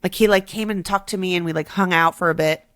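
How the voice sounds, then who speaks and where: Animated woman telling stories. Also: fairly low pitch, fast, no room sound, studio quality. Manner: animated storyteller, laughs often. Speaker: podcast co-host. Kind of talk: casual chat.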